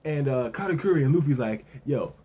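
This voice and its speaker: A man talking through a review in a relaxed, rambling way, full of fillers and restarts. His voice is husky and mellow, sitting at an ordinary middle pitch. Now and then he lifts his voice to play out lines from the story. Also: moderate pace. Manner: relaxed, repetitive, with frequent verbal fillers; acts out characters' lines in a lightly raised voice. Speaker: anime and manga reviewer. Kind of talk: casual spoken recap.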